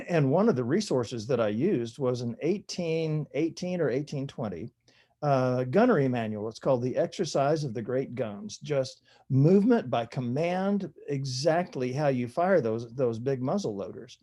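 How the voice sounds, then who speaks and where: Older man with a mellow voice. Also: medium pitch, expressive, moderate pace. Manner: chatty, self-deprecating, laughs at own stories. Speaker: author guest. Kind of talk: relaxed storytelling interview.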